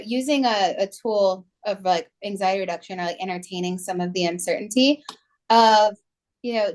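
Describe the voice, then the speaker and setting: A woman co-hosting a podcast, talking casually with many fillers. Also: mid-range voice. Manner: chatty, many "like" and "you know" fillers. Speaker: podcast co-host.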